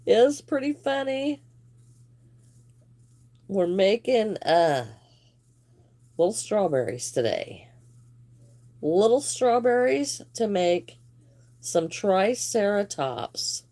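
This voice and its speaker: A woman's voice: medium pitch, very animated, slow pace, pauses often, mellow. A woman hosting a live crochet stream, chatting casually and greeting viewers by name while she works, laughing now and then. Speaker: crochet livestream host.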